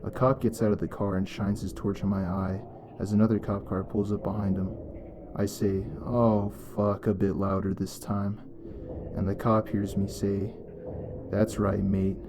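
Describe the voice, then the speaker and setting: A man reading a first-person story as scripted narration, in a measured, even way. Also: fairly low pitch, background noise.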